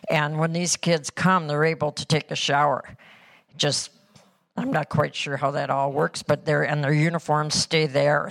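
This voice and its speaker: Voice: medium pitch, creaky, a bit bright. A person reporting on a church mission trip, talking earnestly and rambling with many fillers. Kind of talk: casual church talk.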